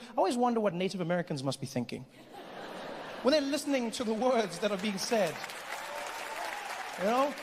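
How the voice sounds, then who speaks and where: Animated stand-up comedian in a hall. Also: male voice, sits high, quick pace. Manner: animated, storytelling, switches into voices. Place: theatre stage with live audience. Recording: live hall with crowd laughter.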